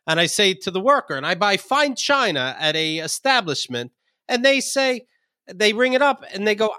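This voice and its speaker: Man, podcast co-host, incredulous storyteller, somewhat high, dry sound. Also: very animated, normal speed, pushed and bright, no echo. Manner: storytelling, incredulous, stumbling restarts. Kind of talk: casual comedic chat.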